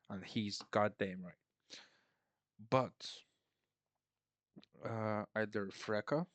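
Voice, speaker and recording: A man talks through a film plot at an unhurried, slow pace, his voice sitting a little low. He rambles and mocks the characters with sarcastic asides. The sound is close and dry, with no room around it. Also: dry recording. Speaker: film reviewer. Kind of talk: casual film recap.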